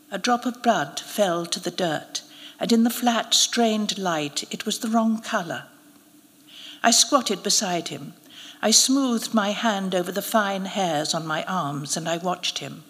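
Woman narrating a short story, calm and measured, hall reverb from a live reading. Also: mid-range voice. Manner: measured, quiet, unhurried storytelling. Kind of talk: first-person literary narration. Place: live event venue.

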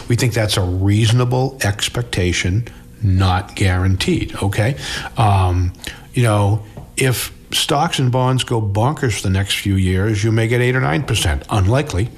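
A middle-aged financial advisor answers interview questions conversationally, with a fairly low-pitched voice. He restarts words and often closes his points with "okay?".

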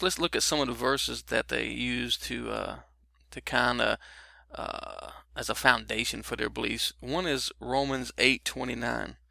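A middle-aged man teaching scripture on a broadcast, his voice gravelly and bright. He talks loosely and conversationally, with many fillers and restarts. The recording is close and dry. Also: medium pitch, no echo. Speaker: Bible teacher.

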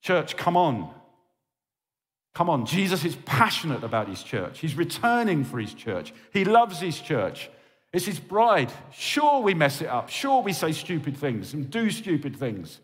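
A man preaching a sermon as a pastor, pleading and impassioned, often checking in with his listeners. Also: on the high side. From England. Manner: impassioned and pleading, with frequent "okay?" check-ins. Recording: reverberant hall.

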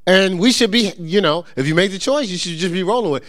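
A man preaching to his church in a relaxed, conversational way, full of asides and teasing. His voice sits on the high side and swings widely in pitch as he makes his points. He often restarts words and repeats himself on the way to a point. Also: fairly quick, few pauses. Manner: lively, joking asides to the congregation. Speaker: pastor. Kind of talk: conversational sermon.

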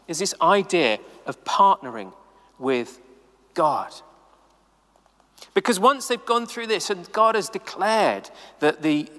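A man preaching a sermon to the camera in a chatty, animated way, full of casual asides. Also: on the high side, in a large hall. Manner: animated, conversational, many "like"s. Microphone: camera mic.

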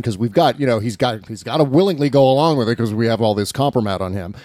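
A man's voice: mid-range voice, fast, hardly any pauses, darkish tone, no room sound, studio quality. A man hosting a casual political talk show. He rambles, laughs often and acts out mock quotes. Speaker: podcast host.

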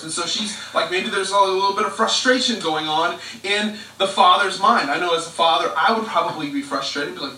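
High, bright-voiced pastor preaching from afar. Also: male voice, normal speed. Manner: conversational preaching, fillers and restarts. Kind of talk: live-streamed sermon. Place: living room. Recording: echoey, distant living-room livestream.

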